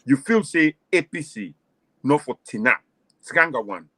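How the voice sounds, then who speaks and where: A man's voice: medium pitch, lively intonation, measured pace, sharp tone, dry recording. A man with a Sierra Leonean Krio-English accent, hosting a political discussion show and pressing his guests with impassioned questions. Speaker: host.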